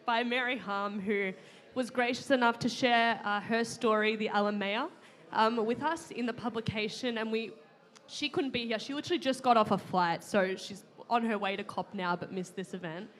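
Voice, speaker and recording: A woman's voice: fairly high pitch, normal speed, a bit bright. A young woman giving heartfelt closing remarks as a panel moderator, with many fillers and restarts. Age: young adult. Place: conference pavilion at a climate summit.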